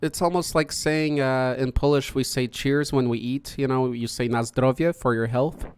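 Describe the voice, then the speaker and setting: A man's voice: mid-range voice, steady tone, normal speed, darkish tone, clear, resonant tone, no echo. A man hosting a podcast, chatting casually and greeting each guest in turn. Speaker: podcast host. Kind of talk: casual hosted chat.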